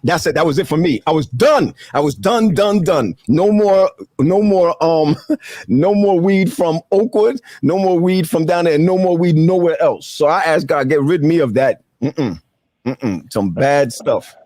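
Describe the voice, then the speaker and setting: A man hosting a casual chat, telling stories in an animated way and laughing often. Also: a little high, a little slow, dry recording, clean studio sound. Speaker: host.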